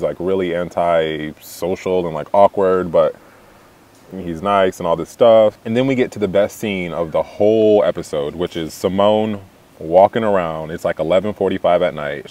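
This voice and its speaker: A man's voice: low-pitched, a little mellow. A young man recapping a reality show in a chatty, catty way, full of "like" fillers and laughter. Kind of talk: casual gossipy recap.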